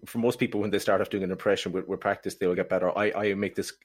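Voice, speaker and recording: A man with a deep voice co-hosts a casual podcast and talks quickly. He jokes at his own expense and stumbles through restarts as he chats. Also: level tone. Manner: joking, self-deprecating, many restarts. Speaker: podcast co-host. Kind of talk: casual chat.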